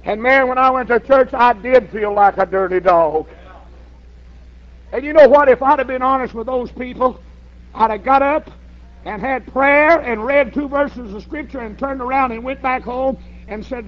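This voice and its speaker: An older man, a pastor telling a folksy story in a sermon and rising to shouts. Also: very high-pitched, moderate pace. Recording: dull lo-fi sermon recording.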